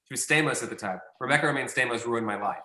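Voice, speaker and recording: A man's voice: medium pitch, racing, sharp tone, echoey room. A man, a casting director guest, telling a long anecdote in a rambling, self-correcting way.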